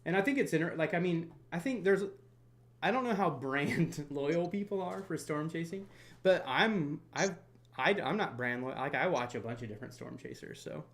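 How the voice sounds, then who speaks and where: A man in his thirties from North Florida hosting a casual storm-chasing livestream, chatty and quick to laugh while reading viewer comments. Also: on the high side. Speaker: storm chaser livestream host.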